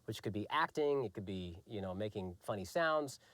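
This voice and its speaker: A man's voice: on the low side, animated, moderate pace, fairly bright tone, dry recording. A male voice actor explaining his work steadily in an interview. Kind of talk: reflective interview talk.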